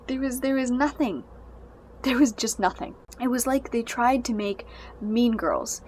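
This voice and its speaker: A woman's voice: fairly high pitch, slight background noise. A young woman giving a casual, exasperated spoken review of a book and its movie adaptation. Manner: exasperated, ranting.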